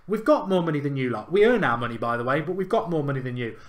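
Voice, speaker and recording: Guy hosting his fan channel, fired-up football rant, a bit high-voiced, keeps hammering the same point. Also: lively intonation, fast talker. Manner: emphatic, indignant, repeats points for effect.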